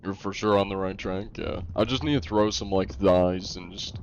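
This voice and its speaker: A man's voice: deep voice, fairly even intonation, normal speed, few pauses, lo-fi sound. A young man streaming live, chatting casually with viewers and joking at his own expense. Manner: jokey, self-deprecating, answers chat.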